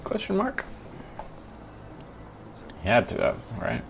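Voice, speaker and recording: Animated, gravelly-voiced male streamer. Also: medium pitch, takes it slowly, a little hiss or hum. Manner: profane, blunt and mocking; animated, laughs often. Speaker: streamer host. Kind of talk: casual reaction commentary.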